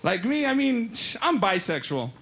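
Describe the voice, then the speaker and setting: A man's voice: high-pitched, big pitch swings, a bit bright. A man doing a stand-up comedy set, telling punchy stories and acting out his relatives. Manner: punchy storytelling, acting out relatives and cops in quick voices. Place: live comedy stage.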